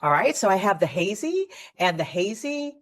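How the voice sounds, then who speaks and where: A woman's voice: medium pitch, big pitch swings, moderate pace. A woman showing jewelry pieces to viewers in a chatty, enthusiastic way, often correcting herself as she goes. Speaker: jewelry seller. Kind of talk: live product showcase.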